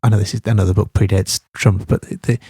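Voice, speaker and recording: A man's voice: on the low side, flat delivery, fast talker, warm tone, breathy edge, no room sound, studio quality. A man teaching a study guide, thinking aloud with many fillers and restarts.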